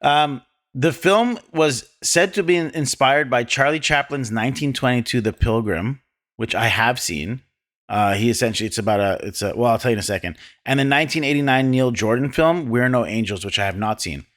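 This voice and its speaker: A man co-hosting a film podcast, reading trivia from his notes with dry deadpan jokes. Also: medium pitch, brisk. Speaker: podcast co-host. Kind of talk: casual film discussion.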